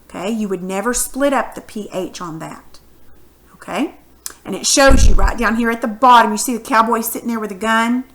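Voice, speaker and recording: Woman teacher, bright and a bit high, patient questioning lesson style. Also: normal speed. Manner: patient, encouraging, asks questions. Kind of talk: recorded phonics lesson for students.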